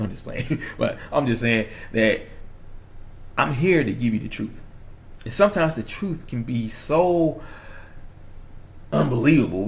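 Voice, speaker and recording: Speaking at a moderate pace in a voice on the high side, a young man with a New York accent talks straight to the viewers of his own channel. His monologue is excited and preachy, shifting from loud to hushed.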